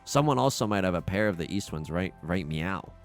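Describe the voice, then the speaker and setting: A man commentating live on his own tile game, excitable and jokey, yelping at setbacks and muttering while he counts tiles. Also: sits low, a little fast, faint music behind. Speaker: streamer playing a tile game.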